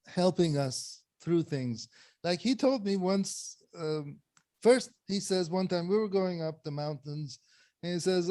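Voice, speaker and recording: A man's voice: high voice, measured pace, warm tone, no echo. A man telling stories in a casual video-call satsang, often laughing as he talks. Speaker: satsang speaker. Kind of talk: casual storytelling.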